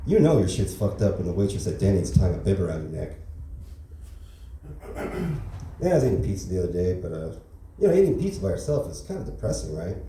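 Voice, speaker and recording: A man doing a rambling, deadpan stand-up set at an open mic, full of fillers. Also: low-pitched, brisk, long pauses, slight background noise. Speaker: stand-up comedian. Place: comedy club open mic. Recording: echoey room from far off.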